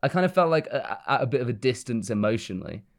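A man's voice: medium pitch, big pitch swings, fast. A young man, chatting casually about a film, rambling and laughing often.

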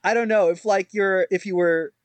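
A man with a fairly high voice, chatting as a podcast co-host. He rambles, mocks himself and keeps restarting his sentences. The sound is dry and close to the mic. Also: steady tone, normal speed, no echo. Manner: rambling, self-mocking, lots of fillers and restarts. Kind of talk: casual chat.

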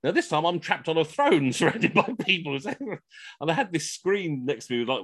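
A man's voice: a little high, very animated, brisk, a bit bright, husky, dry recording, studio quality. A man telling comic stories, chatty and rambling, over a video call. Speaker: costumed entertainer, storyteller. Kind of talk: comic storytelling.

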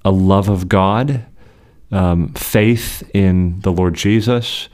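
Very deep-voiced man explaining theology. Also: darkish tone. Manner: measured, explanatory, with frequent restarts. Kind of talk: conversational theological discussion.

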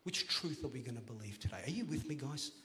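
Energetic pastor, joking then booming. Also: male voice, quick pace. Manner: playful, joking, rising to loud emphatic exhortation. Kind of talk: sermon. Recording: long church hall reverb.

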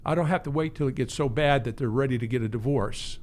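Quick-paced and medium-pitched with a darkish tone, this man is a pastor and pastoral care teacher. Being interviewed conversationally, he speaks in an earnest, reflective way, often restarting what he says.

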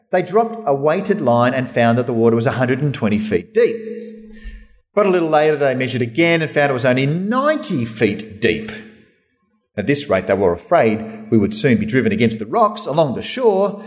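A man preaching a sermon, telling the story vividly and acting out the voices of the people in it. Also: mid-range voice. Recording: hall reverb.

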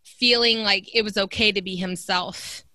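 A woman's voice: mid-range voice, fairly even intonation, normal speed, sharp tone, dry recording. A woman from Texas, an educator co-hosting a podcast, chatting enthusiastically about books. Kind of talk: casual book chat.

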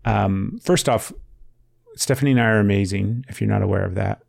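A man co-hosting a casual podcast, his low voice heavy with gravelly fry. He talks in a gentle, reassuring, easygoing way, and the close mic leaves the sound dry. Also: fairly quick, dry recording. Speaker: podcast co-host.

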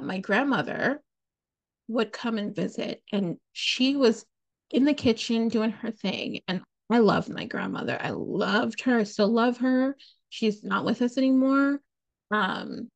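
A woman with a high-leaning voice and vocal fry hosts a podcast, telling a personal story in a candid, blunt, casual way. She swears freely and uses "like" and "you know" over and over.

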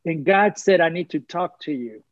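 A man's voice: on the high side, animated, normal speed, no room sound, dull audio. A man giving an emotional personal testimony on a talk show, earnest and preacherly, repeating phrases for emphasis. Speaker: guest sharing testimony.

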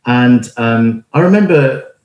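An earnest middle-aged man preaches in a relaxed, conversational way, often stopping to restart a phrase or add an um. His voice sits at an ordinary pitch for a man. The recording carries a noticeable roomy echo. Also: slow, highs cut off. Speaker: church planter and speaker. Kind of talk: informal sermon with personal story.

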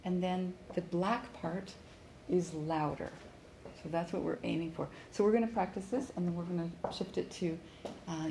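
A woman's voice: lowish voice, warm tone, a little hiss or hum. A woman from Canada, a pronunciation coach, teaching a live lesson and stressing words and repeating phrases for students to echo back.

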